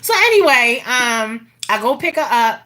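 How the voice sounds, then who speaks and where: Middle-aged woman vlogger, bright high voice, profane no-filter storyteller. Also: unhurried. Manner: blunt, profane, animated. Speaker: vlogger telling a personal story. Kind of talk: casual storytelling rant.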